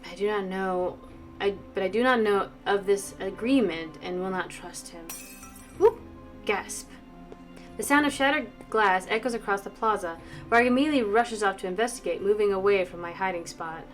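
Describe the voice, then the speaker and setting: A woman streamer reading a visual novel aloud, brisk narration with playful asides. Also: mid-range voice. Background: faint game music.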